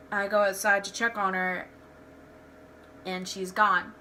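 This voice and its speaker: A woman's voice: mid-range voice, little pitch movement, measured pace, pauses often, pushed and bright, a little hiss or hum. A young woman tells personal stories in a candid, rambling home vlog, restarting her sentences often. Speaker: vlogger. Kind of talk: casual storytelling vlog.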